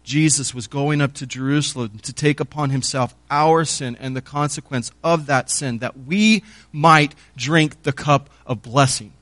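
A man's voice: medium pitch, steady tone, measured pace, few pauses, fairly bright tone, dry recording. A man preaching a sermon in an earnest teaching tone, rising in force when stirred.

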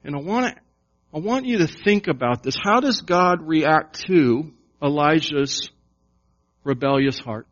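A man preaching a sermon to his congregation, slow and emphatic, with repeated questions. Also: a little high, animated. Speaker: pastor. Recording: dull lo-fi sound.

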